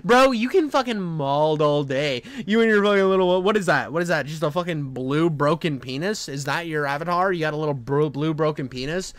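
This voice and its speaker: A young man streaming live, reacting in crude, excitable rambling commentary full of swearing. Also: fairly high pitch, brisk, hardly any pauses, dry recording. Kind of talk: casual livestream commentary.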